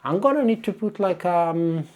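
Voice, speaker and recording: Italian man, native speaker, vlogging from his kitchen to a tripod camera; mellow, warm tone, exasperated rant with frequent restarts. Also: sits high, moderate pace, a little hiss or hum. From Italy. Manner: animated, exasperated, many restarts. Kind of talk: casual ranting vlog to camera. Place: home kitchen. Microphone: camera on small tripod.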